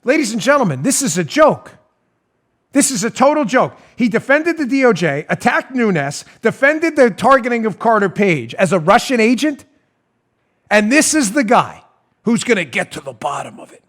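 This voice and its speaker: A male talk show host ranting about politics with animated sarcasm, often laughing mid-rant. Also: extremely high pitch, normal speed.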